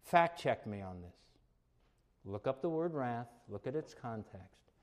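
A man preaching a sermon, emphatic, shifting between quiet explanation and raised, forceful exclamations. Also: mid-range voice, lively intonation, a little slow. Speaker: pastor.

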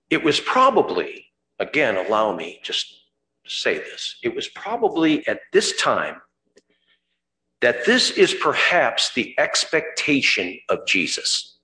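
A man preaching a sermon, dramatic, rising to fervent cries at the high points. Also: huge pitch swings, takes it slowly, bright, forceful tone, roomy sound, slight background noise.

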